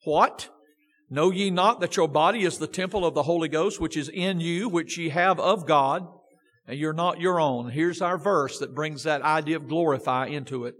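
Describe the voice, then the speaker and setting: Baptist-style pastor, high-pitched man, emphatic scripture reading, long church echo. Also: moderate pace, a bit bright. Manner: emphatic, reads scripture with feeling, rhetorical questions. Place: church sanctuary. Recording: long church-hall reverb.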